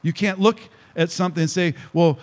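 A male pastor preaching a sermon to a congregation, emphatic and slowing down to stress key phrases. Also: fairly high pitch, steady tone. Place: church hall with congregation.

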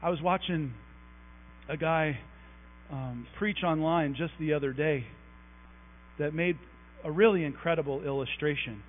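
A man with a high voice preaches a lively, chatty sermon in a church, tossing asides to the people in the pews. The sound is thin and phone-like, with a faint hum underneath. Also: a little slow, pauses often. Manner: conversational, animated preaching with asides to the congregation. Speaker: pastor. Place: church sanctuary. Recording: tinny phone-like recording with mains hum.

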